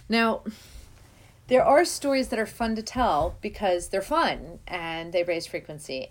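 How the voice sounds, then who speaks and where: A young woman hosting a spiritual podcast, talking earnestly and rambling, with many fillers. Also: mid-range voice. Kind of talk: casual spiritual talk.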